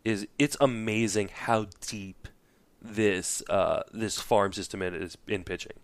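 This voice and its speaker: A man's voice: fairly low pitch, steady tone, slow, dry recording. A man co-hosting a casual baseball podcast, giving opinions in a matter-of-fact way. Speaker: podcast co-host. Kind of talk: casual sports chat.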